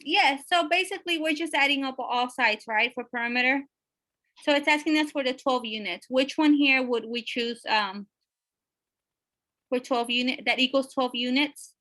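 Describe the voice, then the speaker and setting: A woman teacher with a high, bright, ringing voice leads a math class. She keeps checking in with the students, adding "right?" and frequent fillers as she goes. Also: moderate pace. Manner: checks in with questions, many fillers.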